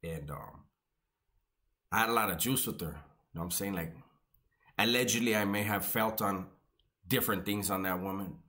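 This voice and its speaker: A man's voice: lowish voice, moderate pace, pauses often, sharp tone. A man, telling casual, joking, profane stories. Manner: profane, laid-back, joking. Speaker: storyteller recalling his prison years. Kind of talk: casual storytelling.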